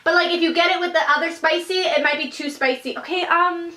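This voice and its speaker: A young woman co-hosting a casual chat, telling animated stories and acting out her customers. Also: very high-pitched, brisk, few pauses. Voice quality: animated storytelling, acts out customers. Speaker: podcast co-host.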